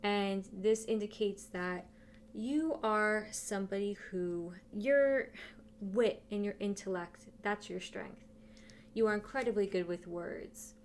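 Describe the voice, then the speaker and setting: A woman's voice: medium pitch, takes it slowly, a little hiss or hum. A woman giving a casual tarot reading who talks straight to her viewers and thinks aloud as she turns the cards. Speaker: tarot reader.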